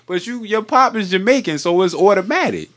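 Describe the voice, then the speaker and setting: A man's voice: sits high, animated, fairly quick, fairly bright tone. A man from Philadelphia with a Philly accent, hosting a podcast in a laid-back, teasing way. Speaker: podcast host. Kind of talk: casual podcast interview.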